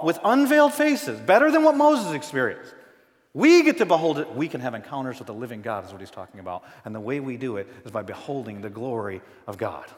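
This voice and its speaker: A pastor delivers a conversational sermon in a church sanctuary, moving between loud emphasis and hushed passages. His voice is medium-pitched, with a long reverb tail.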